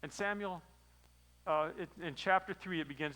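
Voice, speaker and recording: Bright-voiced man preaching a sermon. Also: a little high, moderate pace, poor audio. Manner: storytelling, animated retelling. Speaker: pastor.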